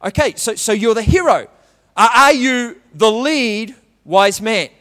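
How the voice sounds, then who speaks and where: A puzzled mother keeps asking her son probing questions, as a man with a high voice plays her. Her questions echo in a long church-hall reverb. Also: expressive, a little slow, a bit bright.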